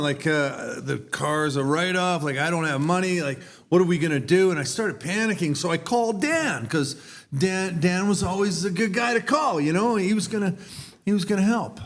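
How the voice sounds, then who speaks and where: A man's voice: sits high, normal speed. A man co-hosting a recovery podcast, telling a personal story in an earnest, casual way and acting out the people he quotes. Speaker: podcast co-host.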